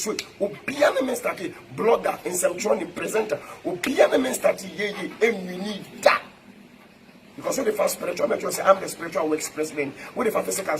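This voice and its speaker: A man's voice: sits high, noisy background. A Ghanaian-accented man, a pastor, giving an emphatic rebuttal to camera with chanted, repeated parallel phrases.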